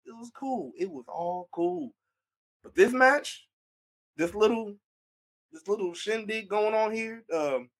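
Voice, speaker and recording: A young man hosting a casual wrestling recap, excitable and animated, often repeating his words. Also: medium pitch.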